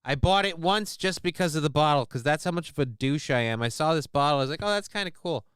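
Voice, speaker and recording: A man's voice: a little high, fast, a bit bright, clean tone, no echo, clean studio sound. A man hosting a livestream, talking casually in a rambling, profane, self-mocking way. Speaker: livestream host.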